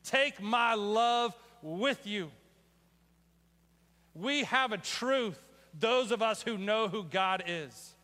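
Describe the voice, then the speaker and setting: A male pastor giving a livestreamed sermon in a casual, animated way, swinging from loud exclamations to hushed, near-whispered storytelling. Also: high voice, takes it slowly.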